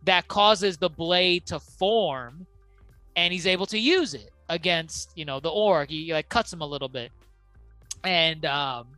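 A man with a bright, forceful voice chats casually on a podcast, talking in loops full of "like" and restarts. The mic sits close in a dry room, and faint music plays under him. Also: on the high side, unhurried, dry recording. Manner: rambling, many fillers and restarts. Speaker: podcast co-host. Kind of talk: casual chat.

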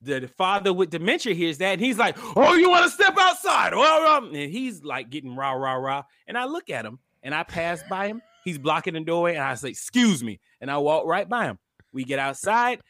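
A young man on a podcast telling a fired-up story. His voice sits fairly high and swings widely as he acts out every quote. The sound is dry and close to the mic. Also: fairly quick, dry recording. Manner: animated, profane, acts out quotes loudly. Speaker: podcast co-host. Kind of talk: casual storytelling chat.

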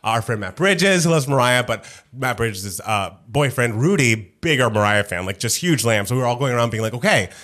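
A man co-hosting a podcast, telling a detailed story with excitement and laughing often in casual chat. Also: mid-range voice, brisk, few pauses. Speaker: podcast co-host.

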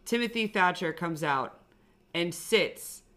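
A young woman talks in a casual podcast chat, voice pitched on the low side yet bright and forceful. She rants emphatically and sounds exasperated. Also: lively intonation, takes it slowly. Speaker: podcast co-host. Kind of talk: casual wrestling recap chat.

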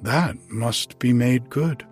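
A man's voice: medium pitch, takes it slowly, soft background music, close to an everyday voice. A man voicing a sly trickster god who speaks maliciously, close to his own narrating voice, in a storybook reading.

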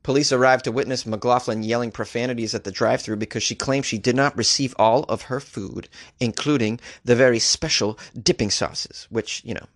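A man's voice: mid-range voice, steady tone, a little fast. A man hosting a comedy podcast, reading odd news stories aloud and riffing on them sarcastically, laughing at his own jokes. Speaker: podcast host. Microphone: studio microphone.

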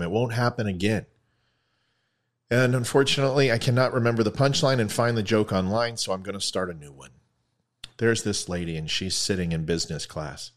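A man hosting a podcast, giving an impassioned monologue and then telling a long joke with growing animation. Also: lowish voice. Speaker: podcast host.

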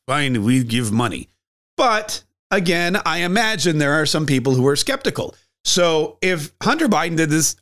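A man's voice: a little high, fairly bright tone. Sarcastic man doing political commentary. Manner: sarcastic, conversational. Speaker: podcast host.

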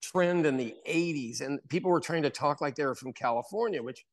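An American man hosting a casual chat, an animated storyteller who mimics voices in his anecdotes. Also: a little high, fairly quick. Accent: General American. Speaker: podcast host.

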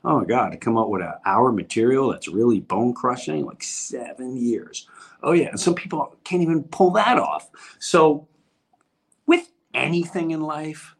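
Middle-aged new york guy hosting his podcast, rambling, lively, trips over his words. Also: mid-range voice, moderate pace, slightly rough. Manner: rambling, animated storytelling with restarts. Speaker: podcast host. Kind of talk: casual chat.

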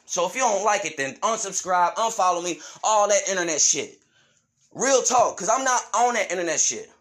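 A man's voice: high voice, animated, normal speed, a bit bright. A man hosting his own podcast, delivering a heated, profane rant straight at his listeners. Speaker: podcast host.

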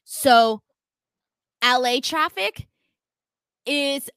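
An American woman hosting a casual live-stream chat, telling stories in an animated way with frequent swearing. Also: high-pitched, drawn-out words, smooth, no room sound. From United States. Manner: animated, swearing storyteller, laughs often. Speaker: podcast host.

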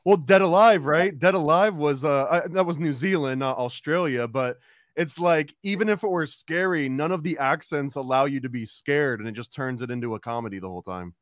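An American man hosting a podcast in a rambling, filler-heavy way. His voice sits a little higher than most men's, and the recording is dry and close, with no room sound. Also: fairly quick, dry recording. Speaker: podcast host. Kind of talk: casual podcast chat.

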